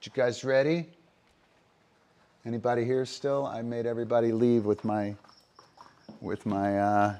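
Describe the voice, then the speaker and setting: A man's voice: medium pitch, level tone, measured pace, pauses often, mellow, slight background noise. A man livestreaming as a dog trainer, explaining his methods casually with frequent fillers and "right?" checks.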